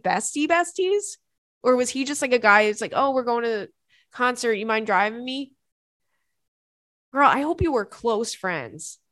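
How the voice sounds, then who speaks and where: A woman's voice: medium pitch, a bit bright, no room sound, clean studio sound. A woman hosting a podcast, reading a listener's story aloud and reacting with laughter and dramatic asides. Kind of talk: casual chat.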